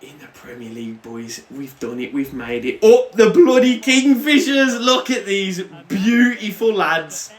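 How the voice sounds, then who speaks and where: A young man hosting a video game let's-play, excitable and given to loud celebratory shouts. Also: medium pitch, measured pace, hardly any pauses, roomy sound. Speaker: gaming channel host. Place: home room.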